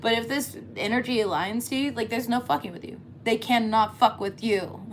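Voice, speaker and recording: A woman's voice: fairly high pitch, moderate pace, slight background noise. A woman giving a casual tarot reading, chatty and laughing often, cussing freely as she talks. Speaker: tarot reader.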